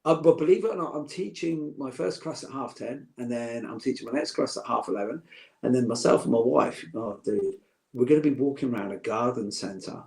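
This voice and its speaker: A man's voice: medium pitch, a little fast, vocal fry, darkish tone. A middle-aged man, chatting as a podcast guest, joking and heartfelt by turns. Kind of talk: casual chat.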